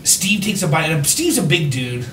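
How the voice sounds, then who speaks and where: A man's voice: fairly high pitch, big pitch swings, normal speed, fairly bright tone. A man telling rowdy, profane anecdotes in casual podcast chat, often breaking into laughter. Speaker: podcast host. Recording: roomy, distant mic, faint noise.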